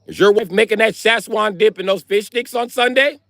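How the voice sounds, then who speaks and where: A friendly beat cop, as a man puts him on, chirps away in a squeaky, lifted voice. He sounds loud and pleased with himself, all small talk and good cheer in a dry room. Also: brisk, gravelly, no room sound. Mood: chummy. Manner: loud, high, chummy. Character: cheery small-talking male police officer.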